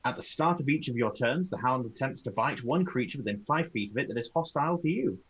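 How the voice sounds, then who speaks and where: A young man playing a tabletop game, calmly reading out spell rules in a measured way. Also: medium pitch, breathy edge, rough recording. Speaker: player. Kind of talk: casual tabletop game play.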